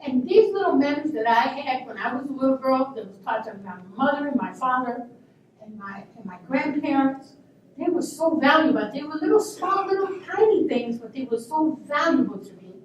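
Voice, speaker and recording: Woman, 60s, lively high-pitched storyteller at a luncheon, heard from a distance in a reverberant room. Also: moderate pace, highs cut off, a little hiss or hum. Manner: animated, emphatic, laughing asides. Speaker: panel guest. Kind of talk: anecdotal storytelling. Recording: echoey room, speaker far from mic.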